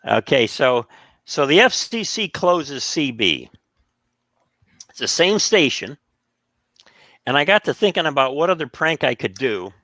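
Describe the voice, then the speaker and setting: A man's voice: fairly high pitch, a little slow, pauses often, dry recording, studio quality. A man casually telling stories on a podcast, acting out the voices of the people in them. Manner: animated, acts out quoted voices. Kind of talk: casual storytelling.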